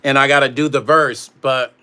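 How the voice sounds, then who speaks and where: A man's voice: mid-range voice, fairly even intonation, normal speed, bright, forceful tone, a little hiss or hum. A man who produces music hosts a casual livestream from his studio. He chats loosely and reads out viewer comments. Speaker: music producer and vlog host.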